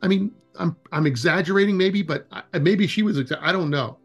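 A man's voice: high-pitched, brisk, muffled recording, faint music behind. A man being interviewed about outdoor education, telling anecdotes in a loose, rambling way and acting out the dialogue. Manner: animated, acts out quoted dialogue in anecdotes; loose and rambling, with frequent restarts. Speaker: executive director of a wilderness education program, interview guest. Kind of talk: casual interview storytelling.

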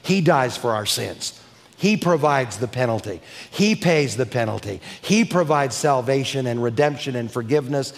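A man preaching a sermon emphatically, building to crescendos and slowing down to stress key words. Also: medium pitch, expressive. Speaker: preacher and teacher. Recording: long hall reverb.

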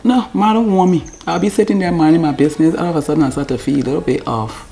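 A woman's voice: deep voice, fast, vocal fry, mellow. A middle-aged woman with a Liberian English accent, chatting casually to her camera at home, wandering off-topic and sometimes sinking to a near-whisper. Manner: rambling, talks to herself, drops to near-whispers. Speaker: vlogger.

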